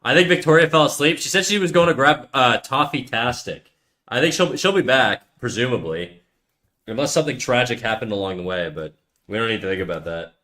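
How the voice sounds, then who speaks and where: A man streaming while he draws, chatting casually and teasing, dropping into quiet mumbled asides between jokes. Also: mid-range voice, expressive, a little fast. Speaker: livestreaming artist.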